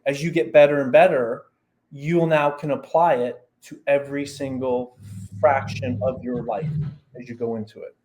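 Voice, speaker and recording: A man, a performance coach guest on a podcast who explains ideas through lively stories and examples. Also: mid-range voice, moderate pace. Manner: animated storyteller, explains with examples and asides. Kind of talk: casual podcast conversation.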